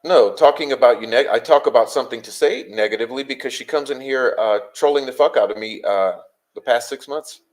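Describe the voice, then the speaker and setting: A man hosts a livestream and argues with his chat, exasperated and confrontational, and he swears heavily. He fires off rhetorical questions in quick bursts. His voice sits at an everyday middle pitch for a man. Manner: rapid-fire rhetorical questions. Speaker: livestream host. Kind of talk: unscripted livestream rant answering chat.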